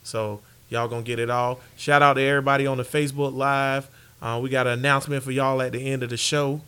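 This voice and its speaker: A man's voice: medium pitch, little pitch movement, fast, bright, forceful tone, smooth. A man co-hosting a casual sports podcast, talking in a hype, playful, joking way. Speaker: podcast co-host.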